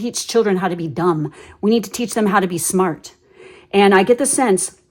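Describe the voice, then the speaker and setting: Ranting, foul-mouthed woman tarot reader. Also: mid-range voice. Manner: blunt, ranting, swears freely; animated storyteller with many fillers. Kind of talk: casual tarot reading monologue.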